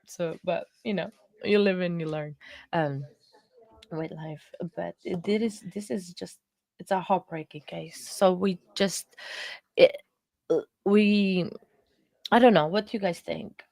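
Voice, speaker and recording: A woman hosting a live stream, chatting with viewers in an earnest, emotional way, halting with many fillers and restarts. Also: on the low side, gravelly, a little mellow, no echo. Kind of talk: casual chat with live viewers about a court case.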